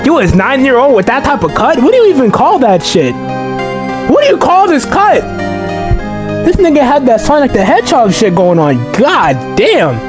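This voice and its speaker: A man's voice: extremely high pitch, sing-song, brisk, few pauses. A man streaming a game, reacting with crude, incredulous commentary and reading the lines aloud. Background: game music.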